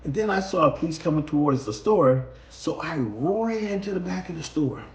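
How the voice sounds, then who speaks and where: A man casually telling a personal story, acting out scenes with lively sound effects. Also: a little high, moderate pace, roomy sound. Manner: animated, acts out scenes.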